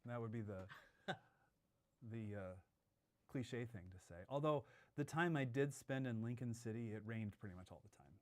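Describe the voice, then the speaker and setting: A man's voice: medium pitch, normal speed, darkish tone. A man co-hosting a casual livestream, reading viewer comments aloud and joking with a light laugh. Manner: chatty, laughs often, jokes.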